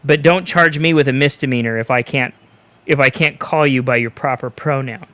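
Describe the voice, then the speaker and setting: A man's voice: mid-range voice, normal speed, fairly bright tone, no echo. A man co-hosting a podcast in casual chat, ranting bluntly and swearing freely. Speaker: podcast co-host.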